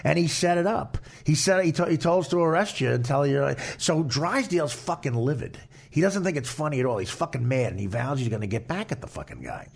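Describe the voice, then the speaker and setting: Gravelly man telling a profane story. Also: on the high side, brisk, hardly any pauses. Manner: profane, animated anecdote-telling. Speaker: podcast host. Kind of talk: casual storytelling chat.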